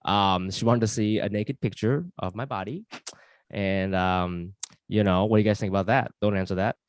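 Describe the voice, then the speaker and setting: A man's voice: on the low side, normal speed, smooth. Male comic, 30s, from New York; self-deprecating, filler-heavy delivery. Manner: chatty, rambling, self-deprecating with filler words. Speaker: stand-up comedian. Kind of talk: stand-up comedy set. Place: home, online show.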